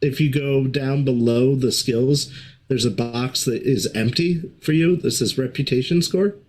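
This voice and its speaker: A man playing a tabletop game, explaining rules and his moves in a measured, matter-of-fact way. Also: mid-range voice, a little mellow, slight background noise. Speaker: player.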